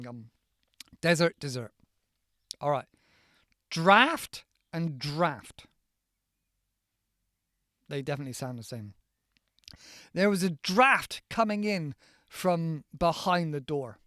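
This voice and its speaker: A man from the United Kingdom, teaching in a chatty, playful podcast lesson and slowly spelling words out letter by letter. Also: on the high side, lively intonation, fairly bright tone, no echo, studio quality.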